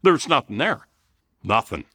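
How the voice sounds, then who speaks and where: A man's voice: mid-range voice, big pitch swings, a little slow, bright, forceful tone, breathy edge. A man in his seventies from the area, telling war stories in a blunt, profane, rambling way. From Elmhurst, Illinois. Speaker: guest, Vietnam veteran. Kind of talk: casual storytelling.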